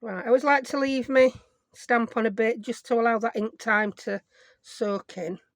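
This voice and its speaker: A woman's voice: a little high, fairly even intonation, moderate pace, no room sound, clean studio sound. A woman, chatting casually as a craft vlogger at her home desk, rambling with self-mocking asides. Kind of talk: casual chat while crafting.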